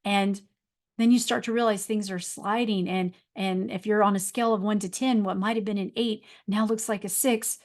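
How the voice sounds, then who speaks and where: A woman's voice: medium pitch, steady tone, normal speed. A middle-aged woman, hosting a motivational podcast and talking in an earnest, repetitive, encouraging way. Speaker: podcast host and life coach.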